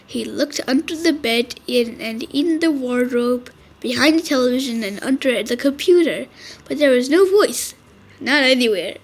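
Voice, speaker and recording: A woman reading a children's storybook aloud, slow, clear and expressive. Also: sits high. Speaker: storybook reader. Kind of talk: children's read-aloud narration.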